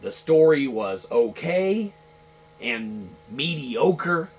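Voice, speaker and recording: A man's voice: mid-range voice, very animated, drawn-out words, breathy edge. A man hosting a podcast, ranting casually about a video game in a rambling, profane, repetitive way. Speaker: podcast host. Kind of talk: casual game-review rant.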